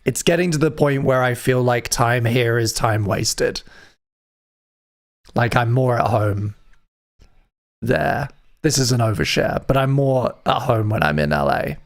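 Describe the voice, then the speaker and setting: A man's voice: medium pitch, expressive, unhurried, vocal fry, long pauses. A man hosting a live music stream, chatting casually with wry, self-deprecating jokes.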